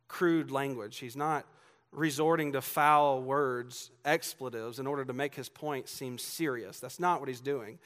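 An earnest, emphatic expository sermon comes from a pastor in Georgia whose medium-pitched voice is a bit bright. Only a faint, faded Southern accent remains. He builds on repeated lines and directs asides to the congregation.

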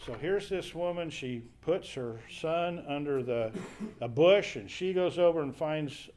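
A man with a slightly high, somewhat mellow voice leads a Bible study, speaking at a measured pace with lively intonation. He explains scripture conversationally, paraphrasing it and thinking aloud with fillers and restarts. There is slight background noise.

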